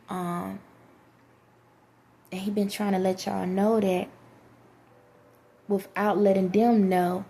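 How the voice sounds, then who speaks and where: Low gravelly woman, flat earnest monologue. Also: slow pace, long pauses, slight background noise. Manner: earnest, rambling, addresses viewers directly. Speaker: vlogger. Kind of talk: spiritual monologue to viewers.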